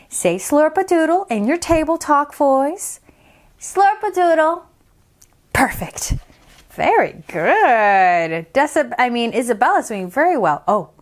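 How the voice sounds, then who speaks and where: A woman elementary music teacher reads a storybook to young children in a bright, high voice that leaps up and down. She breaks in with playful asides and swings from soft whispers to loud calls to show each voice level. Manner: animated, swings between whisper and shout to demonstrate voice levels; playful self-commentary in a lowered voice. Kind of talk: reading a picture book aloud to young children, with asides.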